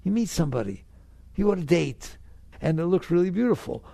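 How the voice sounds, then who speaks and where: A man's voice: on the high side, sing-song, fairly quick, gravelly, dark tone, no echo. A man teaching on spirituality in a casual, earnest way, repeating phrases to press his point and acting out anxious inner voices. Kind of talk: conversational spiritual talk.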